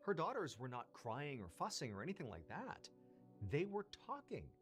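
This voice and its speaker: A man's voice: fairly high pitch, wildly swooping pitch, moderate pace, faint music behind. A man narrating a creepy story from a played video, building suspense.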